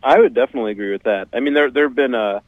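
A man being interviewed as a guest on a radio show, answering in a measured, explanatory way with many hesitant fillers. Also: mid-range voice, no echo, phone-quality sound. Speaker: guest, beer writer.

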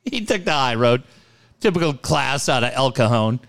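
A middle-aged man with a mid-range voice and some vocal fry talks at normal speed on his radio show. Casual and profane, he's an animated storyteller who acts out the quotes.

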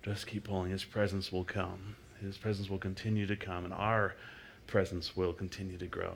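A middle-aged man giving a sermon in a church, talking casually with many restarts and sometimes sinking into soft, murmured prayer. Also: sits low, level tone, vocal fry, background noise. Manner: conversational, halting with many restarts. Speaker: guest speaker. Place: church service before a congregation.

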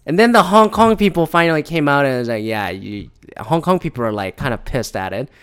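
A man with a somewhat high-pitched voice rants in a heated, profane, casual way. He keeps slipping into mocking voices to imitate others. His delivery is loose and worked up. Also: lively intonation, brisk, fairly bright tone, clean tone. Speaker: commentator. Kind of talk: ranting casual commentary.

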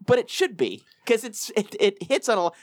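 A man's voice: high-pitched, very animated, a little fast, no room sound, studio quality. A man co-hosting a podcast, rambling and profane, laughing at his own jokes. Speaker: podcast co-host. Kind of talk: casual chat.

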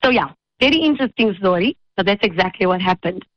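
A woman hosts a radio talk show and tells her story in a lively, animated way, acting out the quotes as she goes. Her voice sits at an ordinary middle pitch. The sound is dry and a little dull, like a radio studio mic. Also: fast talker, no room sound. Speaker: radio host.

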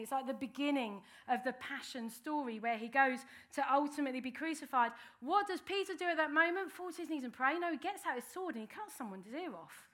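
A woman's voice: sits high, a bit bright. A woman preaching a sermon in an earnest, conversational way.

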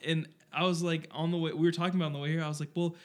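A slightly tipsy young man co-hosts a casual podcast, his voice sitting a little high. He rambles through jokes and stories, filling pauses with ums and likes. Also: flat delivery, background noise. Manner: rambling, filler-heavy, jokey. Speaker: podcast co-host. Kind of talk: casual chat.

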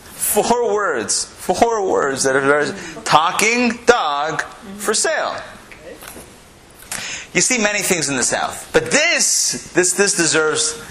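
A man, a rabbi, telling a story in a live class, playful and animated. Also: sits high, measured pace, slight background noise. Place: lecture room with audience.

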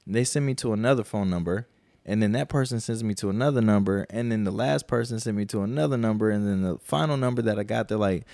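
A man's voice: lowish voice, fast talker, gravelly, darkish tone, dry recording, studio quality. A man co-hosting a podcast, telling a long, profane story in a casual, rambling way and quoting people as he goes. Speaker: podcast co-host.

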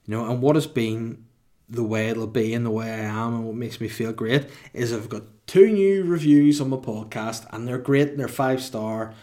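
A man's voice: medium pitch, moderate pace, darkish tone. A man in his thirties hosting a comedy podcast alone, rambling through irreverent, sweary asides. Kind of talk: comedic solo podcast monologue.

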